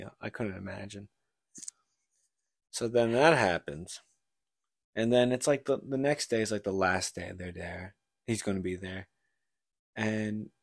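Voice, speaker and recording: Low-voiced man rambling through a story. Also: creaky, dry recording. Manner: rambling storyteller, acts out the characters' lines. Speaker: podcast co-host. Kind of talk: casual chat, retelling a book plot.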